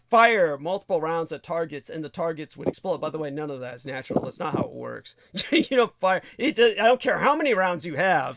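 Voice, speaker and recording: A man's voice: fairly high pitch, a bit bright, no echo, clean studio sound. A man hosting a livestream talk show, rambling and emphatic, swearing freely as he tells a story. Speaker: show host.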